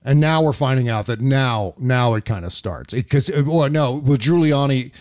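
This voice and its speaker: A man's voice: mid-range voice, animated, normal speed, a little mellow. Man ranting profanely in political commentary. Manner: heated, profane ranting with many restarts. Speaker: podcast host.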